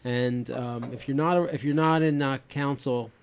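A man's voice: medium pitch, fairly even intonation, measured pace, clean tone. Rambling middle-aged man hosting. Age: 50s. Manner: rambling, many restarts and fillers. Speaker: podcast host. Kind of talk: casual chat.

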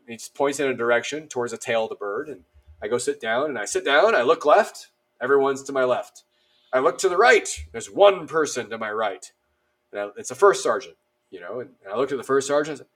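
A fairly quick, mid-range voice belongs to this guest, an army veteran in his thirties, telling stories in a casual manner. He plays out the dialogue with animation and scatters many fillers through his talk.

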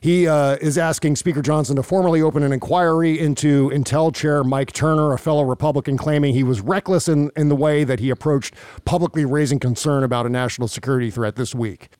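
Male podcast host, wry and sarcastic; slightly high voice. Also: steady tone, fast, darkish tone, clear, resonant tone, no room sound, clean studio sound. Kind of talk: casual political commentary.

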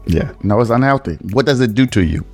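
A man's voice: mid-range voice, expressive, quick pace, a little mellow, faint music behind. A man hosting a casual true-crime podcast, talking bluntly, swearing and teasing his co-host. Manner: blunt, opinionated, swears and teases.

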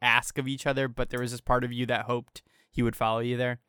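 A podcast host gently paraphrasing a guest's story back to them in a thoughtful, measured way. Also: mid-range voice, level tone, smooth, no echo, studio quality. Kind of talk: interviewer reflecting back.

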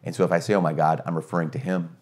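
A middle-aged man, a priest, giving a conversational teaching, earnest and energetic with rhetorical questions and frequent restarts. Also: low-pitched, rapid-fire.

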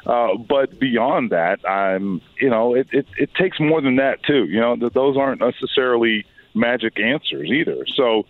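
A hoarse man with a raspy voice, a sports reporter on a phone-in radio interview, thoughtful and hesitant with many fillers and restarts. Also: medium pitch, normal speed, no room sound. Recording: phone line.

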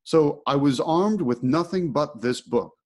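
A man's voice: fairly high pitch, lively intonation, measured pace. A middle-aged man hosting a podcast, telling a personal story in casual conversation and acting out his own thoughts with animation. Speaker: podcast host.

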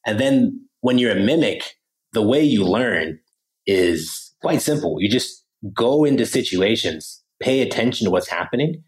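Brief: man, low voice, podcast guest, lively demonstrative explainer. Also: unhurried, low-quality recording. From Pennsylvania, USA. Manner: animated, acts out phrases in other voices. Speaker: podcast guest, language teacher. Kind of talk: casual interview talk.

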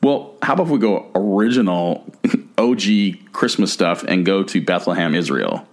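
A man's voice: low voice, normal speed. A man from the United States co-hosting a casual travel podcast, rambling with many restarts and fillers. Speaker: podcast co-host. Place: California.

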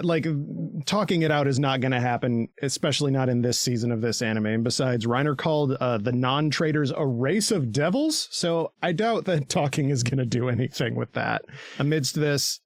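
A man's voice: medium pitch, moderate pace, no echo. Jokey, rambling man, dry close sound. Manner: loose, rambling and jokey, laughs often, swears freely. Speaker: podcast host. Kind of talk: casual podcast chat.

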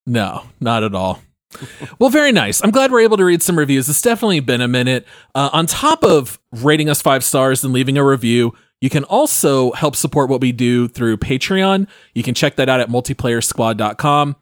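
A man's voice: medium pitch, very animated, brisk, no room sound, studio quality. A man hosting a gaming podcast in a casual, jokey way, running the housekeeping and plugs. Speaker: podcast host.

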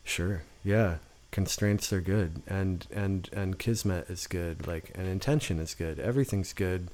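A man's voice: deep voice, measured pace, a little mellow. A man guest on a podcast, talking casually about his songwriting with frequent restarts and acted-out quotes. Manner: rambling, restarts often, acts out quotes. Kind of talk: casual conversation. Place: in-person podcast studio.

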